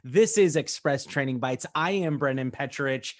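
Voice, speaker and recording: A man's voice: mid-range voice, normal speed. A man in his thirties from the United States, hosting a casual training webinar in a chatty, upbeat way with fillers and asides. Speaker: host.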